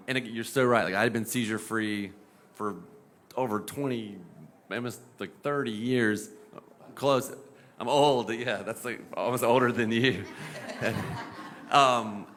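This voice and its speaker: A middle-aged man and pediatric epilepsy doctor, talking casually on a panel, animated and full of fillers, now and then mimicking voices. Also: mid-range voice, a little hiss or hum. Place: event panel.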